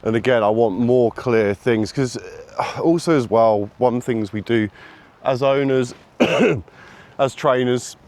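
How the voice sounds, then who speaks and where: A man talking casually while he walks his dog outdoors, calling out to it in a high sing-song voice between remarks on training, recorded on a camera he carries. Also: takes it slowly, darkish tone. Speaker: dog owner and trainer filming a walk. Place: outdoors on a countryside walk. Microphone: camera carried while walking.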